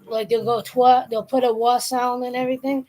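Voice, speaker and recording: A woman's voice: fairly high pitch, moderate pace, low-quality recording. Chatty Boston woman. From Boston area, Massachusetts. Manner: rambling, animated, imitates accents. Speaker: streamer, co-host. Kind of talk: casual chat.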